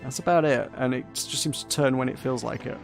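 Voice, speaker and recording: A man's voice: mid-range voice, a little fast, vocal fry, soft background music. A man hosting a gaming stream, talking casually and poking fun at himself. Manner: chatty, self-mocking. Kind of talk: casual let's-play commentary.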